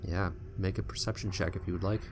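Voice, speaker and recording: A man's voice: low-pitched, steady tone, quick pace, vocal fry, slight background noise. A man narrating as game master of a tabletop game, describing scenes in an easygoing way with joking asides.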